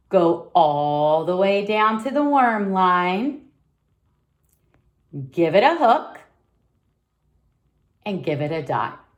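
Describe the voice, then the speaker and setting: A woman teaching an online lesson for young children, talking in a slow, sing-song, encouraging way as a preschool teacher. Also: medium pitch.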